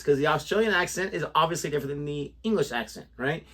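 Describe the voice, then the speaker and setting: A man's voice: sits high, expressive, fast talker, few pauses, fairly bright tone. A young man co-hosting a reaction video, chatting casually, joking and laughing often. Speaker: reaction channel co-host.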